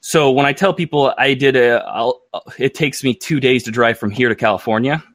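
American male podcast co-host, mid pitch, dry booth sound, loose joking delivery. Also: dry recording. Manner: rambling, self-interrupting, quick to joke. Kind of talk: casual chat.

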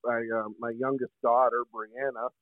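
A middle-aged man, a hockey coach, chatting casually as a guest and pausing often with fillers. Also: mid-range voice, little pitch movement, dry recording. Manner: halting, many fillers. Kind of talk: casual chat. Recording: tinny phone line.

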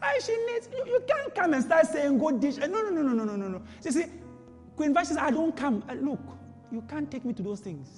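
A man's voice: very high-pitched, sing-song, brisk, big-room sound, soft background music. A man preaching a sermon with emphatic repetition and rhetorical questions.

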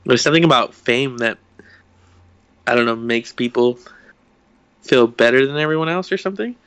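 A young man co-hosting a podcast rambles through a story in casual chat, swearing freely and acting out the quotes. His medium-pitched voice is a bit bright and clean, at a moderate pace, in a dry recording.

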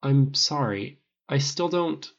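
A man voicing an earnest, polite, old-fashioned man who stammers when upset, with a gravelly voice on a dull recording. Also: mid-range voice, expressive, takes it slowly, voice pushed up. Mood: distressed.

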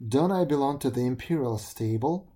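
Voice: medium pitch, animated, moderate pace, dark tone, lightly acted. A storyteller voicing a proud, easily offended male stag beetle who complains indignantly. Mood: huffy.

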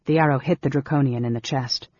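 A man narrating a fantasy audiobook in a measured, dramatic storytelling manner. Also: medium pitch, steady tone, darkish tone, muffled recording. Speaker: audiobook reader.

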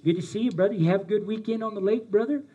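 A man's voice: high-pitched, very fast, mellow, husky. A man putting on a Southern US accent to play a folksy churchgoer trading backslapping small talk. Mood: chummy.

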